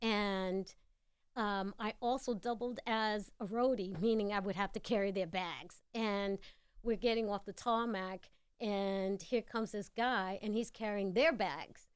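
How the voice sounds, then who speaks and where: A middle-aged woman, a radio interview guest, telling a story in a lively way and acting out the voices of the people in it. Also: medium pitch, unhurried, clean tone, no echo, clean studio sound. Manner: animated, acts out quoted voices.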